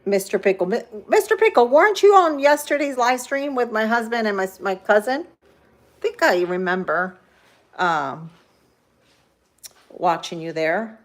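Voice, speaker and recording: A woman's voice: a little high, lively intonation, a little slow. A woman in her fifties from Spain, chatting casually on a livestream while she cooks in her home kitchen, rambling with many fillers. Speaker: livestream host.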